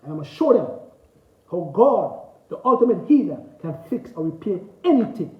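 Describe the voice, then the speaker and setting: A man's voice: high voice, sing-song, normal speed. A man giving preachy, emphatic health advice in a casual talk straight to his viewers, repeating his commands. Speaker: natural health promoter. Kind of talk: casual direct-to-camera talk. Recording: dull lo-fi sound.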